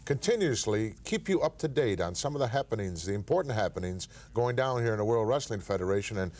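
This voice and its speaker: A man hosting a wrestling TV show, talking steady and earnest with small stammers. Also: fairly low pitch, fast. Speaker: wrestling TV host. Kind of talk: broadcast commentary.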